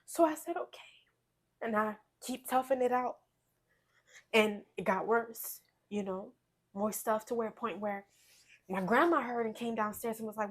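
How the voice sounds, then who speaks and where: Woman haltingly telling her own story. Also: on the high side. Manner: rambling, halting storytelling with many restarts. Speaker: guest sharing her testimony. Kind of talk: emotional personal testimony.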